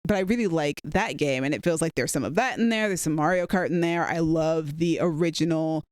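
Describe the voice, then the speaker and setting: A man's voice: fairly high pitch, a little fast, smooth, no room sound, studio quality. A man co-hosting a movie review podcast, chatting casually and enthusiastically, rambling with fillers. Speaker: podcast co-host.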